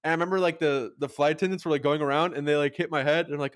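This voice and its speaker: Casual podcast co-host: young man with a slightly high voice, rambling, filler-heavy, profane storyteller. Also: rapid-fire, clean tone. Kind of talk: casual chat.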